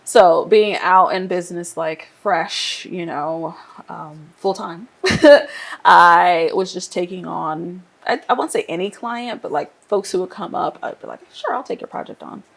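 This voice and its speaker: A woman from Nigeria, an interior designer, telling her career story in a casual, lively way and laughing often. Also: lowish voice, measured pace, creaky. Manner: lively, laughs often, acts out quoted voices.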